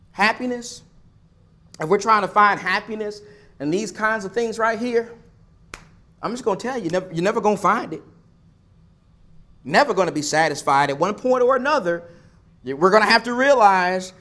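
A man delivers a sermon in a high, light voice. He stacks rhetorical questions and repeated phrases for emphasis. His volume swings between forceful pushes and quiet asides. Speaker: preacher.

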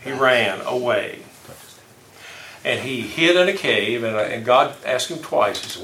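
Bright-voiced man leading Bible study. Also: mid-range voice, lively intonation, unhurried, a little hiss or hum. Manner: rambling, self-correcting storyteller. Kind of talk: casual group Bible discussion. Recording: echoey room, mic far off.

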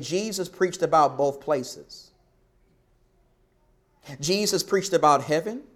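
High-voiced preacher man, emphatic. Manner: emphatic, repeats key points. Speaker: pastor. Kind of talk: sermon.

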